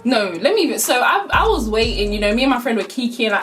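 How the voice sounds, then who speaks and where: A woman's voice: on the high side, very animated, moderate pace, fairly bright tone, soft background music. A young woman telling a casual storytime, full of slang and swearing, with laughs through the telling. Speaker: vlogger.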